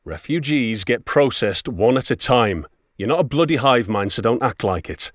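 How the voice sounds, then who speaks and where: A man's voice: on the low side, sing-song, unhurried, no echo, clean studio sound. A man reading a bored, irritable clerk with a sarcastic, dismissive manner. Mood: irritated.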